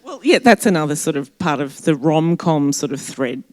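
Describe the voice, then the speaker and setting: A woman's voice: low voice, lively intonation, moderate pace, darkish tone, no echo. A woman hosting an author talk at a library, asking enthusiastic questions with some fillers. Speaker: event host interviewer. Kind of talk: hosted author interview.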